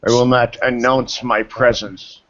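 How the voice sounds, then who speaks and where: A man's voice: medium pitch, flat delivery, a little slow, a bit bright, natural voice. A man playing a formal, honor-bound male mystic elder who speaks in archaic phrasing with a slight foreign lilt. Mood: grave, measured. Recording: dull lo-fi recording.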